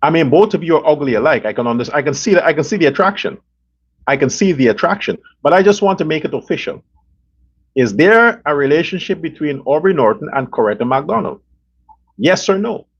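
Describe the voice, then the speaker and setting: A man with a high, husky voice rants in a heated, profane and repetitive way. He hosts a political commentary show. The recording sounds dull and lo-fi. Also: animated, a little fast. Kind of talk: angry political rant.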